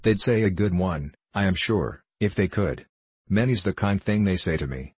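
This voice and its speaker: A doting old porter, voiced by a male reader, with a deep, husky tone and plain, old-fashioned speech. The sound is dry and close, storybook style. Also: expressive, moderate pace, a little mellow, dry recording. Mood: fond. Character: elderly male porter, cheerful, fond father.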